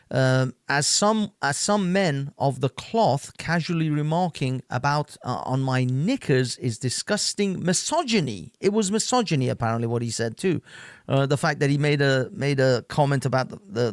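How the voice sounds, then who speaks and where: A man's voice: a little high, no echo, clean studio sound. A man hosting an online stream, reacting to clips in a loose, rambling rant full of repeats and laughs. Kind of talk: casual ranting commentary.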